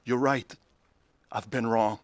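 A man's voice: medium pitch, fairly even intonation, slow pace. A man earnestly narrating his own dramatized testimony in a heartfelt way.

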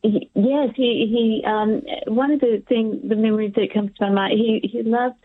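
A woman's voice: on the high side, fairly even intonation, dry recording. Hesitant woman caller on a tinny phone line. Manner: halting, hesitant, with many restarts. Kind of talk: phone call-in chat.

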